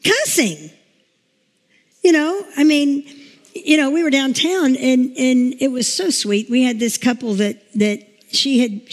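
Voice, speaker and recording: A woman pastor giving a chatty, emotional sermon, telling stories and laughing along the way. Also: on the high side. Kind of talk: informal sermon with storytelling. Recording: long reverb in a large room.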